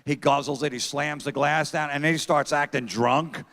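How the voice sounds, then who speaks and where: A man's voice: on the high side, steady tone, moderate pace, a bit bright. A middle-aged man doing stand-up comedy on a theater stage, telling brash, profane stories and talking to the crowd. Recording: long theater reverb.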